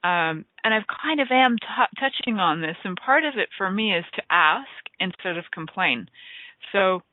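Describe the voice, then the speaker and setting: A woman's voice: mid-range voice, lively intonation, moderate pace, no room sound. A woman hosting a radio talk show, chatting in a rambling, enthusiastic way that often trails off and restarts. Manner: rambling, enthusiastic, self-interrupting. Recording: tinny phone-like line, dry.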